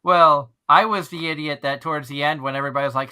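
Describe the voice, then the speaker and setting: A man's voice: a little high, fairly even intonation, fast, few pauses, bright, forceful tone, clean tone. A man hosting an online fan radio show, chatting casually and rambling with frequent restarts. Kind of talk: casual chat.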